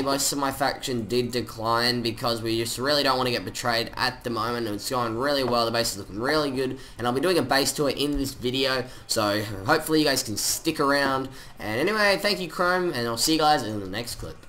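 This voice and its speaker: Bright-voiced excitable gaming commentator man. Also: medium pitch, a little fast, hardly any pauses, a little hiss or hum. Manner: excitable, chatty, slangy. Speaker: gaming channel host. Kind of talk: gameplay commentary.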